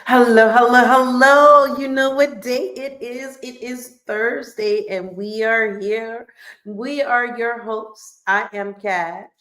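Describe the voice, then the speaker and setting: A woman's voice: on the high side, reverberant, a little hiss or hum. A woman co-hosting a podcast in casual chat, playful and teasing. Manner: playful, teasing, slow, lively delivery. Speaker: podcast co-host.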